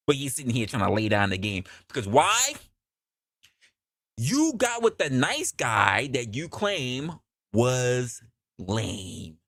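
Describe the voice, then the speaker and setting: A man hosting a comedy opinion podcast, talking in a loud, profane, animated way and acting out scenes. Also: mid-range voice, slow, dry recording, clean studio sound. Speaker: podcast host.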